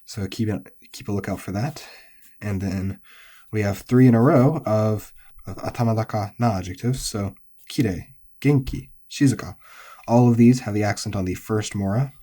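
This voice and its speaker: A man teaching a lesson on pitch accent, explaining patiently and repeating example words slowly. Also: mellow. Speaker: language teacher.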